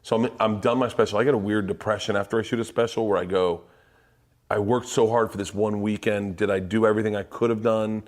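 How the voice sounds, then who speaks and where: A middle-aged man, a stand-up comedian, telling excited stories in a casual podcast chat. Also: quick pace. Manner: excited, animated storytelling with jumps in pitch.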